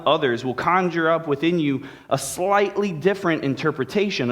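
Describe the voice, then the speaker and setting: A male pastor preaching a sermon in a conversational way, with playful asides to the congregation. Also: a little high. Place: church sanctuary.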